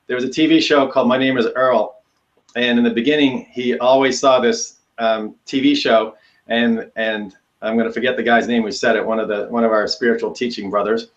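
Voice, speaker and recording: Man, co-host, casual chat, joking, mid pitch, dull lo-fi sound. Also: fairly even intonation, fairly quick. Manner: easygoing, joking, laughs between thoughts. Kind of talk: casual talk show chat.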